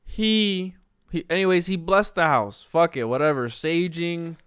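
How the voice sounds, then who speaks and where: A man's voice: fairly high pitch, a little slow, fairly bright tone, smooth, dry recording, studio quality. A man casually retelling a haunting case on a podcast, loose and profane, with frequent restarts.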